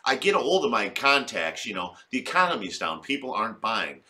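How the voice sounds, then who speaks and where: A man's voice: medium pitch, very animated, brisk, sharp tone, slight background noise. A man voicing a frazzled office woman who talks in a fretful, self-scolding way. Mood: defiant. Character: frazzled office woman regretting her outburst.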